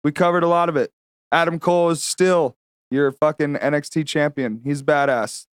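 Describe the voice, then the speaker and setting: A man's voice: on the high side, fairly even intonation, moderate pace, clear, resonant tone, dry recording, clean studio sound. A man co-hosting a podcast, talking casually and rambling with plenty of fillers. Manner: rambling, many fillers, swears freely. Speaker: podcast co-host. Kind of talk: casual chat.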